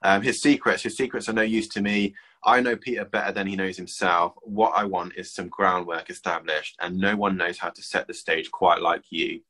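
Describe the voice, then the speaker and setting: A man's voice: low voice, moderate pace, poor audio. A man casually walking through a comic book plot on a podcast, with frequent ums and read-out lines. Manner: relaxed, summarizing with filler ums.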